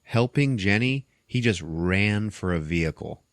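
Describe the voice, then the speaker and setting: Guy on a podcast retelling a movie, low voice but swoops all over, dry close mic, casual and swears a lot. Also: a little slow, no echo. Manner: animated storyteller, casual and profane. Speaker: podcast host.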